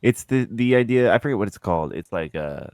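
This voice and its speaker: Deep-voiced laid-back man. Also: expressive, a little fast, a little mellow, clean tone, dry recording, clean studio sound. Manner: laid-back, laughs along, short replies. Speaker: podcast co-host. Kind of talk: casual chat.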